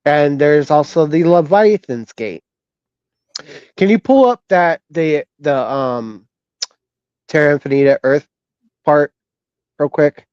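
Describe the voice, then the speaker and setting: Casual chat-show co-host, a man with a slightly high voice, halting and unhurried, on muffled stream audio. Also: animated, darkish tone, clean tone, no echo. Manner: hesitant, halting, many fillers and restarts.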